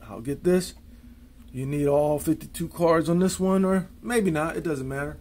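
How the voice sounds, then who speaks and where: A man's voice: a little high, moderate pace, dark tone, slight background noise. A man demonstrating card tricks, talking casually and counting and spelling aloud as he deals. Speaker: amateur magician.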